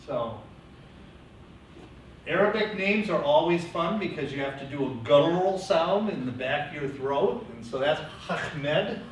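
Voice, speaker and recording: Animated man lecturing in an echoey classroom. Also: on the high side, normal speed. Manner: lively, coaching students through name pronunciation. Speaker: teacher educator. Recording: echoey classroom from far off, faint hiss.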